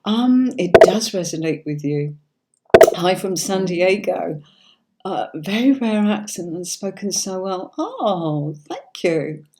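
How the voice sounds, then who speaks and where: A middle-aged woman with a neutral standard British accent hosts a live tarot reading. Her voice sits low and mellow. She chats warmly and reassures, checking in with "okay?" as she goes. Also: sing-song, slow pace, slight background noise. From Yorkshire, England. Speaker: tarot reader and livestream host.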